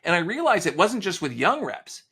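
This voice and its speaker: Animated gravelly man explaining sales. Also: sits high, normal speed. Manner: animated storyteller, acts out quoted dialogue. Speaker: sales author and consultant guest. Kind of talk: casual podcast interview.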